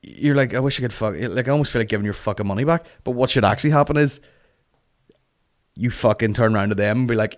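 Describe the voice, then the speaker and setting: A man in a mid-pitched voice, hosting a comedy podcast and ranting in a loose, casual way. He swears freely and keeps breaking into little impressions of other people. The delivery stays animated and conversational throughout. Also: fast. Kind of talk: casual comic rant.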